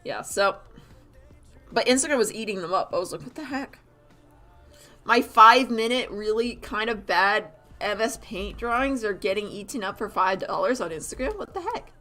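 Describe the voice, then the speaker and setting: A woman with a voice of middling pitch talks through a live drawing stream in a loose, rambling way. She is animated, laughs often and scatters "like" through her sentences. Quiet music plays underneath. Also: moderate pace. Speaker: artist streamer. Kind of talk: casual chat while drawing on a live stream.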